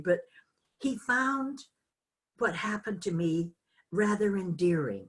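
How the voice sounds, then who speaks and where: An older woman teaching an online course, telling a personal story in a slow, halting, reflective way with many fillers. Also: low-pitched, animated. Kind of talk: personal storytelling in a group call.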